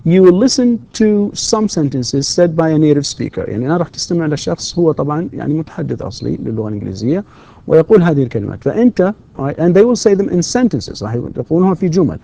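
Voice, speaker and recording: A man's voice: a little high, sing-song, rapid-fire, gravelly, warm tone. A man giving a university English lecture, switching between explanations and English example questions. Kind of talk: recorded distance-learning lecture.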